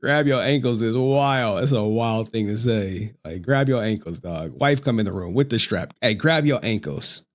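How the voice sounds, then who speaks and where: A man's voice: lowish voice, normal speed, hardly any pauses. A man ranting on a livestream in crude slang, laughing often. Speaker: streamer commentator. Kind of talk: casual livestream rant.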